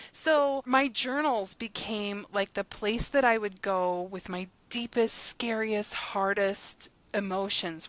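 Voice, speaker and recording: Bright, animated woman chatting fast. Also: medium pitch, clear, resonant tone, dry recording. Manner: animated and fast-talking, with frequent laughs. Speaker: guest, guided journal creator and coach. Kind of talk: casual podcast conversation.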